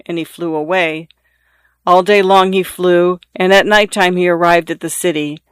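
A man reads a fairy tale aloud in a measured, expressive way. His voice sits high for a man. The recording is close and dry. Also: clean tone, dry recording. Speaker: narrator. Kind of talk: storybook reading.

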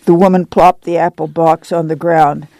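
Gravelly high-voiced male narrator. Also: little pitch movement, darkish tone, no room sound. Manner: slow, measured storytelling. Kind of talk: audiobook narration.

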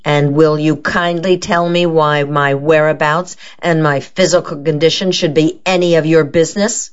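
A gruff, domineering old woman drawls out blunt demands, as a woman reader puts her on. The voice sits low and dark. The recording is dull and lo-fi. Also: steady tone, close to an everyday voice. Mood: imperious. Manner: blunt, imperious, slow drawl.

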